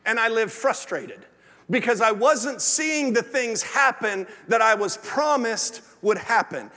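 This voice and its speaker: A man preaching a sermon to his church. His delivery swings from lively and loud to low and hushed. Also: measured pace. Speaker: pastor. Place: large church sanctuary. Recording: long hall reverb.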